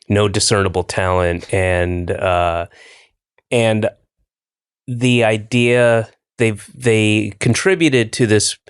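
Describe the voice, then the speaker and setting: An older man with an American accent talks slowly in a lowish, smooth voice. He is hosting a casual podcast chat, blunt and a little profane, stopping often to restart his sentences. The sound is close and dry. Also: dry recording. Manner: halting, many fillers and restarts, blunt and profane. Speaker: podcast host.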